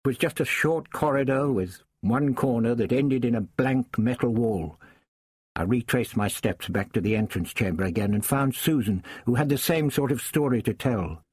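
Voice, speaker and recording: A man reading a first-person story aloud in a measured, understated way. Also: mid-range voice, a little mellow, husky, no echo, clean studio sound. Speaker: audiobook narrator.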